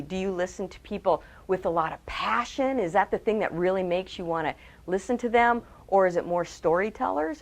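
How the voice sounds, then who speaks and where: A woman trainer giving a webcast talk on public speaking. She is lively, asks her audience direct questions and acts out quotes in changed voices. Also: mid-range voice. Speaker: communication trainer.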